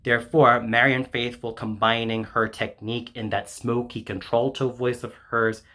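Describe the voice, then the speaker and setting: A man of average pitch reads out his scripted album review in even, measured sentences. He praises at length in a formal, effusive way. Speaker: music reviewer.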